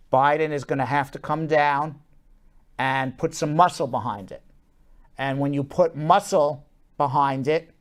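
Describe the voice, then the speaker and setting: A man with a slightly high voice hosts a talk show, giving casual political commentary in animated, fast bursts with lots of fillers.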